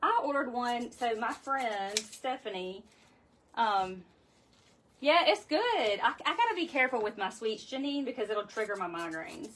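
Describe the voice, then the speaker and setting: Woman, slightly high voice, livestream craft host; chatty and greets viewers by name. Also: animated, a little slow, a bit bright, a little hiss or hum. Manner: talkative, chats with live viewers by name. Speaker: wreath-making host. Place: home craft room.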